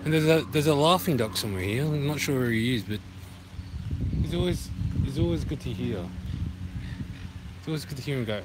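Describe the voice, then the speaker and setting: Strolling past a duck pond, this Australian vlogger chats casually into his phone camera at a slightly fast clip, broken up by long pauses. His mid-range voice wanders through puns and loose bits of singing, with traffic audible in the noisy outdoor audio.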